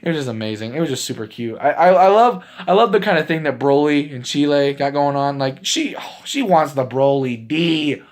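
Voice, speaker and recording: A man casually recapping a movie for his channel, rambling with lots of fillers and breaking into laughs as he gets excited. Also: on the high side, normal speed, hardly any pauses. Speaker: movie reviewer.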